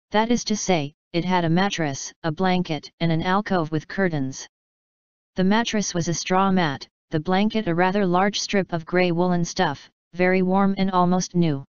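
A woman reading a classic novel aloud as an audiobook narrator, in a measured, even way. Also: on the low side, clear, resonant tone, no echo, lo-fi sound.

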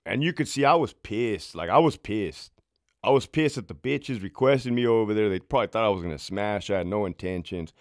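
A man's voice: lowish voice, expressive, a little fast, no echo, studio quality. A man, a former prison sergeant, telling his own story to camera in a casual, heated, profanity-filled way.

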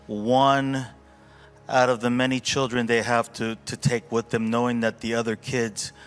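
A man pastor speaking informally at a church service, telling a heartfelt story with many fillers and restarts. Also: mid-range voice. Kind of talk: informal church testimony and reflection.

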